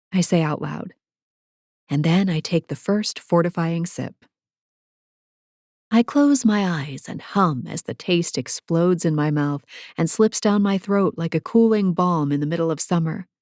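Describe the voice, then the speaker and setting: A woman narrating a first-person romance audiobook in a measured, wry storytelling manner. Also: on the low side, darkish tone, dry recording, studio quality.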